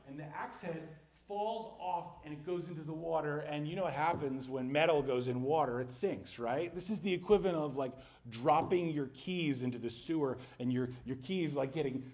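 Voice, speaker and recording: Husky-voiced man preaching casually. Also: a little high, a little mellow. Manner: conversational storytelling with casual asides. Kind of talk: sermon.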